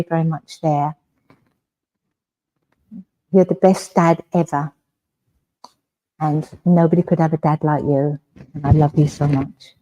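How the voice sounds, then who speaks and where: Gentle, mellow-voiced English woman medium. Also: on the low side, low-quality recording. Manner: gentle, reassuring, often asks "all right?". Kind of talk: mediumship demonstration. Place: village hall.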